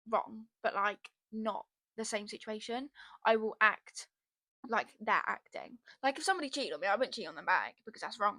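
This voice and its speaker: A woman's voice: mid-range voice, gravelly, sharp tone, no echo. A young woman hosting a casual solo podcast, rambling and chatty, blunt and given to swearing, into a podcast microphone. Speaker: podcast host.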